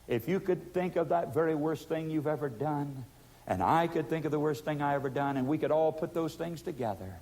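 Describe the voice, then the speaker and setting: A man preaching a sermon, pleading with emphatic force and then dropping to hushed tones. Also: a little high, normal speed.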